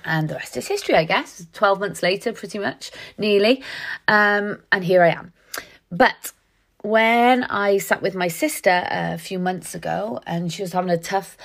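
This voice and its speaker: A middle-aged woman, giving an earnest, conversational motivational talk full of fillers. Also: fairly low pitch. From Wales. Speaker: podcast host. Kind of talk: motivational monologue.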